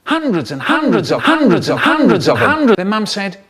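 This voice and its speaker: Older man, theatrical children's storyteller, swooping lively pitch, slightly high voice. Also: fairly quick. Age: 70s. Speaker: children's poet performer. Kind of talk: animated storytelling, chopped into a remix.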